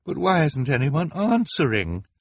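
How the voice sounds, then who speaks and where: A desperate eldest orphan sister from an audiobook, her voice pushed well up and rising with every plea, voiced by a male narrator. The tone is faintly husky and the recording is close and dry. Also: mid-range voice, very animated, normal speed, no echo, pitched above the performer's own voice. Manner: pleading, breathless and urgent. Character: anxious teenage girl, eldest of three orphans.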